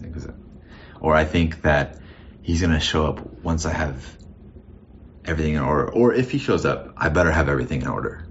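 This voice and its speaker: An exceptionally deep-voiced pastor delivers a relaxed, reflective sermon, looping back and restarting phrases as he goes. The lo-fi recording is muffled, with a faint ambient hum beneath it.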